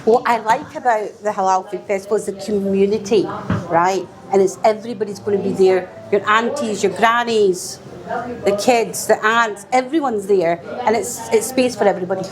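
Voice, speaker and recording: A woman's voice: medium pitch, moderate pace, a crowd in the background. A woman guest on a podcast, chatting casually and teasing with lots of giggles. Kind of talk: casual chat.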